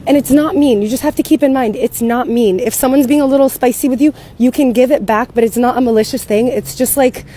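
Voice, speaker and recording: American woman, rapid chatty storytelling, slightly high voice, casual swearing. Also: a little hiss or hum. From United States. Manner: chatty, animated, swears freely. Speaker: content creator living abroad.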